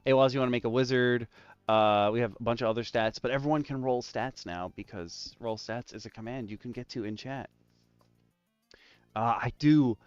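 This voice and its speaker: A man hosting a casual tabletop game roundtable, talking in an animated way and laughing often. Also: medium pitch, clear, resonant tone, no room sound. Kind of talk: casual chat. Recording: slightly dull lo-fi audio, faint music.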